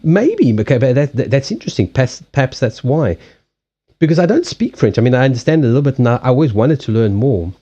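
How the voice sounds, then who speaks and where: A man's voice: medium pitch, big pitch swings, mellow, muffled recording. A man from Africa hosting a casual live stream, chatting with viewers and often restarting sentences. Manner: chatty, halting restarts, answers viewer chat. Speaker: live-stream host and card reader. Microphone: streaming setup.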